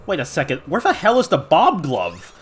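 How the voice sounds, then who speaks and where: A streamer giving live gameplay commentary, excitable and swearing a lot, laughing often. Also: medium pitch, moderate pace, husky, faint music behind.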